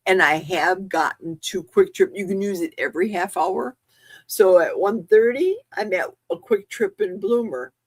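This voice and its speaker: A woman hosting a casual livestream, gasping and squealing with excitement as she reads gifts. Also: mid-range voice, normal speed, breathy edge, dry recording, studio quality. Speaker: livestream host.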